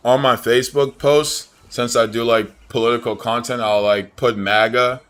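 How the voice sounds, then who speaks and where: A man's voice: medium pitch, steady tone, moderate pace, fairly bright tone, smooth. A young man livestreaming a game, chatting in a slangy, blunt way and saying "bro" a lot. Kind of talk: casual chat while gaming.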